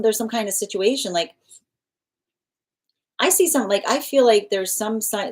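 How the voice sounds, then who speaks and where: A woman's voice: a little high, a little mellow. A woman giving a live tarot reading, rambling and emphatic, with frequent restarts and repeated phrases. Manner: emphatic, insistent. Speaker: tarot reader.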